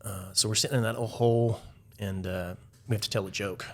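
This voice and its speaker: A man on the low side of the pitch range talks a little fast with fairly even intonation. As a podcast guest he tells casual, rambling stories packed with "like" and restarts.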